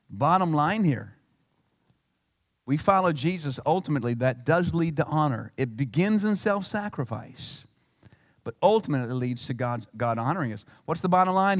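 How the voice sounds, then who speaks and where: A male pastor preaching a sermon in an animated, emphatic way. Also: on the high side, no room sound, clean studio sound, long reverb tail. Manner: animated and emphatic, acting out quotes.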